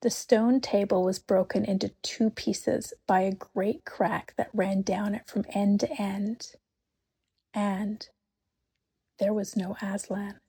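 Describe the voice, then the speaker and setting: A woman reading a storybook aloud, unhurried and expressive, often dropping to a whisper. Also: medium pitch, husky. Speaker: narrator.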